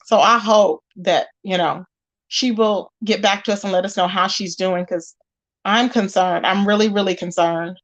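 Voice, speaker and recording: A woman's voice: medium pitch, fairly even intonation, moderate pace. A woman hosting a casual gossip livestream. She talks emphatically and greets her viewers by name as she chats. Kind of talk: casual live-stream chat.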